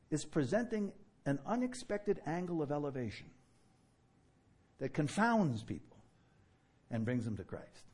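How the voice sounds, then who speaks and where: Husky new york guy preaching, voice jumps all over, kinda high for a man. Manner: animated and fast-talking, with laughter and mock dialogue. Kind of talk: sermon.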